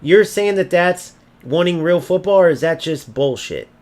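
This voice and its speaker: A man with a fairly high, slightly mellow voice and lively intonation delivers a gameplay commentary rant while streaming a football game. At a moderate pace, he brashly taunts and insults opponents, cursing freely throughout.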